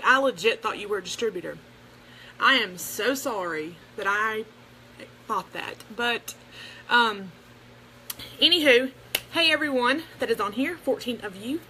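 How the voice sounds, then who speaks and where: A young woman with a drawl talks straight to her phone camera in an emotional, earnest ramble, restarting her sentences. Her voice is bright and forward and sits somewhat high. A faint hiss sits under the phone recording. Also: poor audio. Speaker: livestream host. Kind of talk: casual livestream talk to viewers.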